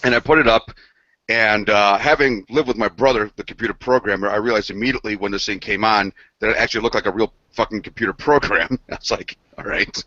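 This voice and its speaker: Swearing, rambling man with a bright voice. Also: fairly low pitch, quick pace, no echo. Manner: rambling, profane, laughing storyteller. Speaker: podcast co-host. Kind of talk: casual chat. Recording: dull lo-fi sound.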